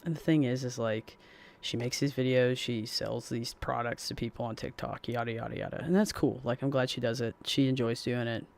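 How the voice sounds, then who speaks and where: A man's voice: medium pitch, fairly even intonation, fairly quick, vocal fry. Rambling, blunt male streamer. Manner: rambling and blunt, many fillers and swearing. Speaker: game streamer. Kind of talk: casual live-stream chat.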